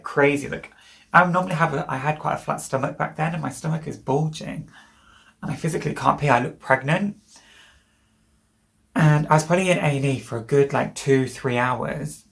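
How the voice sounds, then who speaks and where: A woman's voice: extremely low pitch, vocal fry. A British woman in her twenties, a vlogger telling a personal story to the camera in a candid, emotional way. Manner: candid, emotional, vivid retelling.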